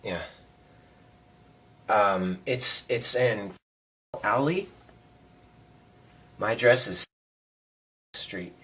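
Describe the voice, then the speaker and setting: Young guy, low husky voice, nervous, lots of um and like. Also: extremely slow, pauses often, a bit bright. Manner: hesitant, nervous, many fillers. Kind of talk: casual phone call and self-recording.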